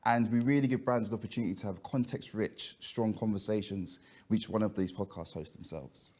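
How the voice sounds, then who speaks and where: A man, head of advertising sales, explaining ad options on a business panel in a steady way. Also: on the low side, fairly quick.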